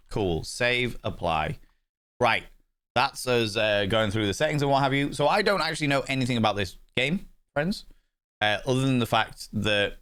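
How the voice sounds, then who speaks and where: A man's voice: fairly low pitch, fairly bright tone, smooth. A man streaming a game, chatty and rambling while he sets up settings. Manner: chatty, rambling and self-mocking. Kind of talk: casual live-stream commentary.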